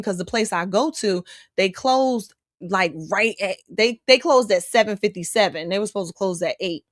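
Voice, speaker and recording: A woman hosts a casual live stream and chats her way through viewer comments. She reacts freely and keeps up a loose back-and-forth with the chat. Her voice sits in an ordinary middle pitch, recorded close and dry. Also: a little fast, dry recording. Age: adult. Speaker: host reading live chat.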